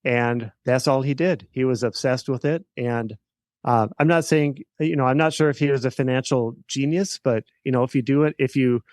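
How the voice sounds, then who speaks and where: A middle-aged man speaks as a podcast guest, telling a personal story. He talks haltingly, with many fillers and restarts. His voice sits at an ordinary pitch, and a close mic keeps the sound dry. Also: a little mellow, dry recording. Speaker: podcast guest, estate planning attorney.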